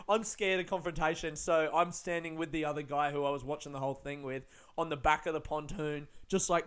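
Young Aussie guy, somewhat high pitch, casual anecdote, rambles with fillers and cussing. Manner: rambling, lots of fillers and swearing, laughing often. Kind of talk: casual storytelling.

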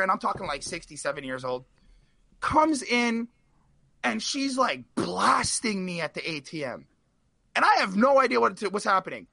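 High, bright-voiced man telling a story. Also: dry recording. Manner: animated, rambling anecdote with repeated fillers. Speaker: guest. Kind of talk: casual storytelling on a live stream.

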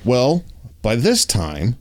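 A man telling a personal story in casual chat, acting out the dialogue and talking with lots of fillers. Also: slow pace. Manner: animated, acts out dialogue with raised pitch; uses many fillers like "like" and "you know".

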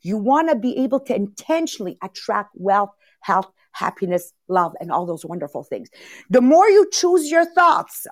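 A middle-aged woman giving a live motivational talk as a coach, energetic and repetitive, calling on listeners by name. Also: mid-range voice, normal speed, no echo. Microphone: video call.

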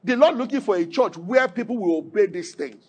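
A man preaching a sermon as pastor, asking the congregation questions, swinging from emphatic peaks to low, quiet lines. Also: lively intonation, a little fast.

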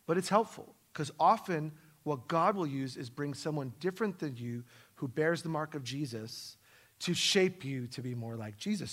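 A middle-aged man preaching a sermon in a church, emphatic and self-deprecating, swinging from loud stresses to soft asides. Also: sits high. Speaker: pastor. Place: church sanctuary.

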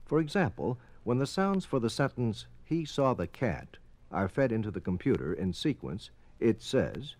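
A man's voice: medium pitch, very animated, moderate pace, darkish tone, dry recording. A man giving formal, explanatory scripted narration for an educational film.

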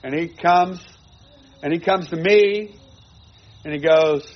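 A man's voice: a little high, takes it slowly, highs cut off. A man preaching a sermon to his congregation, earnest and repeating phrases for emphasis. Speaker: pastor.

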